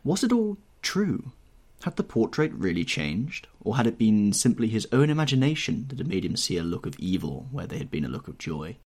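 A man reading a classic novel aloud as an audiobook narrator, in an expressive, measured storytelling manner. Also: mid-range voice, slightly rough. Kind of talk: scripted narration.

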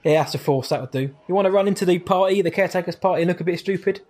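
Co-hosting a casual podcast, a man with a slightly high, darkish voice reads out listener questions. His chat is quick and upbeat, and he laughs readily.

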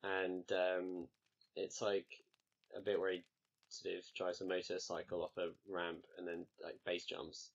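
A man chatting casually as a podcast co-host, measured and dryly wry. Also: deep voice, monotone, muffled recording. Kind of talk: casual chat.

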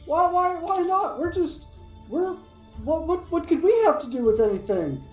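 A woman's voice: very high voice, expressive, moderate pace, a little mellow, roomy sound, faint music behind, pitched above the performer's own voice, poor audio. A woman doing an innocent eager adventurer. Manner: naive, friendly.

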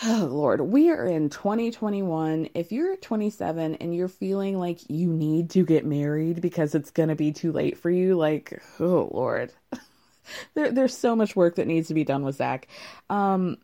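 A woman's voice: on the low side, lively intonation, unhurried, warm tone. A young woman in casual recap commentary, wry and amused, often breaking into laughter as she talks. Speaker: reality show recapper.

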